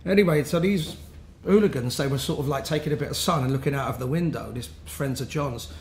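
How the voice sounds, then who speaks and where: Brisk and medium-pitched, the interview guest, a musician from London, rattles off loose, laughing anecdotes and often starts over. The room sounds spacious, with faint noise in the background.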